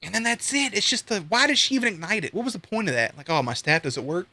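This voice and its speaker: A young man streaming live, ranting casually with lots of swearing and sudden high-pitched outbursts. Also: quick pace. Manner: profane, animated, swings into high-pitched outbursts.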